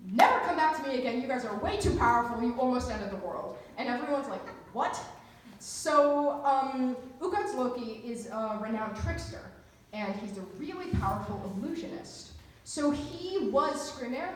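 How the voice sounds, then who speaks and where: A woman telling a story live at a cabaret in a chatty, humorous way, full of asides. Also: fairly high pitch. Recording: echoey venue from a distance, faint room noise.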